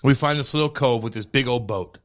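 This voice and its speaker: A young man with a St. co-hosts a podcast in an easy, casual chat. He swears constantly and piles on rapid, animated stories. His voice sits in a middle range. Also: mid-range voice. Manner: profane, animated storytelling. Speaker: podcast co-host.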